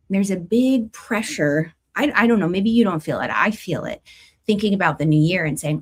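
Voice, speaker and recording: A woman's voice: mid-range voice, normal speed. A middle-aged woman hosting a spiritual astrology talk, chatting casually with viewers and laughing often. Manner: warm conversational, laughs often, lively emphasis. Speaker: astrology and tarot host.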